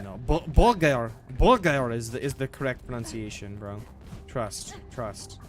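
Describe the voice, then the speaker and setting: A man's voice: mid-range voice, a bit bright. A young man streaming a game, rambling casually with lots of swearing, restarts and "bro". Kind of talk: casual gameplay commentary.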